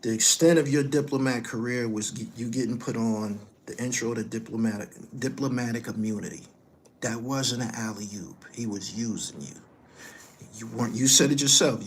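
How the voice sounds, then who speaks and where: A middle-aged man delivering a heated, profane rant, scolding someone directly and swinging between loud outbursts and low muttering. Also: moderate pace, a little hiss or hum. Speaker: commentary host.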